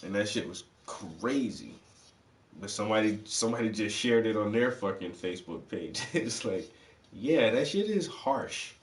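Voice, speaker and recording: A man's voice: fairly low pitch, expressive, normal speed. A man hosting his channel, telling a story as a loose, profane rant full of "like". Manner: profane, rambling, heavy use of "like". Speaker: channel host. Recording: roomy, distant from the mic.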